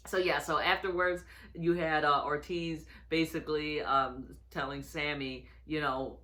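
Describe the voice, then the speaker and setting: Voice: medium pitch, flat delivery, measured pace, pushed and bright. A reviewer giving a casual recap of a wrestling episode, rambling with lots of fillers and restarts, and chuckling often.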